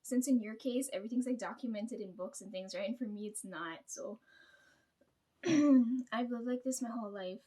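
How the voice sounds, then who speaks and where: A young woman talking quietly to the camera at home at night, rambling and often clearing her throat, checking in with "right?". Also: on the high side, moderate pace. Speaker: vlogger. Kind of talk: hushed confessional monologue to the camera. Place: at home at night, parents downstairs.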